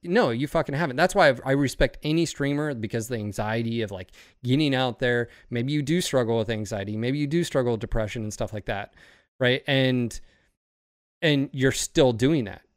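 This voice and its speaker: A man's voice: medium pitch, normal speed, no room sound, studio quality. A man talking in a casual podcast chat, rambling and profane, often getting fired up. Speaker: streamer and podcast host.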